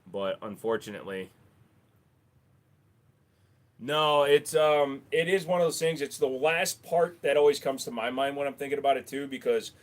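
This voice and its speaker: A man's voice: medium pitch, moderate pace. A man hosting a casual livestream, chatting offhand with viewers, rambling and swearing freely into a desk microphone. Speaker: livestream host.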